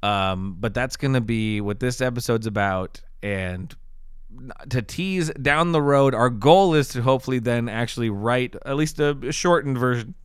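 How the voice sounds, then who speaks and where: A man co-hosting a casual podcast chat, excitable and quick to laugh, often restarting his sentences. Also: medium pitch, smooth, no room sound, clean studio sound. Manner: excitable, talks over himself with restarts and laughs. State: has the hiccups. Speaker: podcast co-host.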